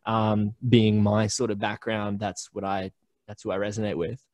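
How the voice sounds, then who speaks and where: A man's voice: fairly low pitch, little pitch movement, moderate pace, darkish tone, no echo. Chatty Australian man, dry close sound. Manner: chatty storyteller with many fillers and restarts. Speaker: podcast network founder, guest. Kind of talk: casual interview chat. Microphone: remote call recording.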